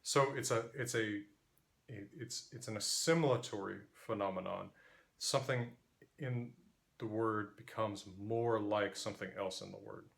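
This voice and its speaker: A man with an American Interior West accent gives a measured linguistics lesson. His voice sits a little low. He pauses to sound out vowels for his students. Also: creaky. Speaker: linguistics teacher. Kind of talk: explanatory lecture.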